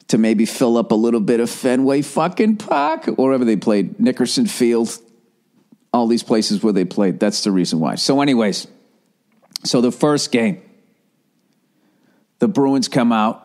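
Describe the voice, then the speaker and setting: Man, mid-pitched voice, sarcastic rambling rant, swears a lot. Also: darkish tone. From Boston area. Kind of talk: casual profane rant.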